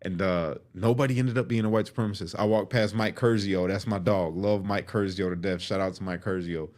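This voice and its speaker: A man's voice: low voice, a little fast. A man telling a story from his life in casual, profane talk, acting out what people said. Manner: profane, animated, acts out quotes.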